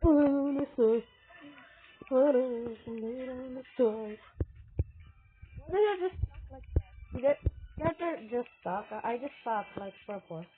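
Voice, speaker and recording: Excitable woman narrating her gameplay. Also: on the high side, measured pace. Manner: excitable, exclaiming at the game; talks to viewers as "guys". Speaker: gaming video creator. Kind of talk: casual gameplay commentary. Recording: tinny phone-like audio with faint game music.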